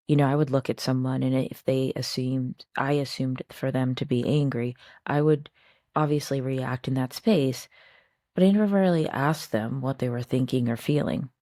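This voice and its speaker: A woman with a strikingly deep voice talks to her viewers in a chatty, reflective way. Her tone is mellow and warm, and the recording is close and dry with no room sound. She keeps asking her audience rhetorical questions. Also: no room sound. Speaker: host. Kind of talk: casual personal talk to camera.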